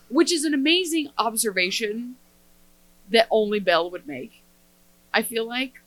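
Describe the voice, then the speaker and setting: A woman co-hosting a podcast in casual chat, sarcastic and expressive. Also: fairly high pitch, moderate pace, pauses often, rough recording. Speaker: podcast co-host.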